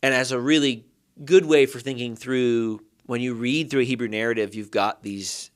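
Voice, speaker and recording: Man, podcast guest, Hebrew teacher, thoughtful, step-by-step explaining, mid-pitched. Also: fairly even intonation, normal speed, smooth. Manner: thoughtful, building points step by step. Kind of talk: explanatory interview talk.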